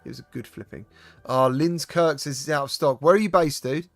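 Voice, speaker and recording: A man's voice: on the high side, fairly quick, no echo, soft background music. A British man live-streaming about VR gaming, chatting casually and greeting viewers by name, with lots of fillers and restarts.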